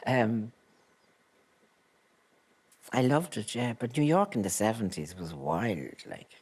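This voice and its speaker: Deep-voiced older Irish woman telling stories. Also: very animated, slow pace, darkish tone, breathy edge. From Ireland. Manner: storytelling with laughs, dry wit. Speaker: guest. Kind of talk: casual chat.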